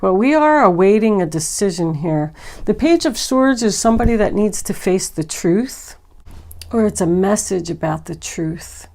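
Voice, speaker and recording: A woman's voice: medium pitch, expressive, normal speed, darkish tone. A woman doing a tarot card reading, talking through each card in a meandering, reflective way. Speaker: tarot reader.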